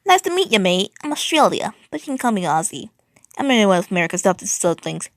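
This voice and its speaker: A woman reading aloud, voicing a friendly young man who personifies Australia, with a loud, high and clumsy attempt at an accent. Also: rapid-fire, vocal fry, dry recording, studio quality. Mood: chirpy.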